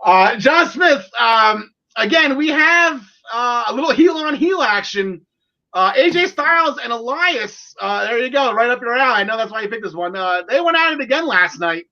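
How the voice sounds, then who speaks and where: A man in his forties hosting a casual wrestling podcast, excitable and jokey, with lots of fillers. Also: extremely high pitch, moderate pace. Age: 40s. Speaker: podcast host. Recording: lo-fi audio.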